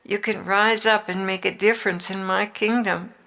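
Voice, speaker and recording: An older woman reads Jesus's words devotionally, portraying him as a kind and loving divine man who urges listeners on with tenderness and encouragement. She speaks at normal speed in a steady, gravelly voice of medium pitch.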